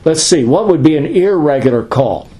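A man's voice: a little high, animated, normal speed, mellow, slightly rough. A middle-aged man, a pastor, teaching a classroom Bible study in a conversational, explanatory way with fillers and asides.

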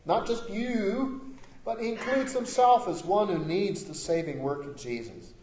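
A man preaching a sermon as pastor. He is emphatic, rising to loud declarations and dropping to quiet asides. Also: high-pitched, expressive, unhurried, echoey room, a little hiss or hum, rough recording.

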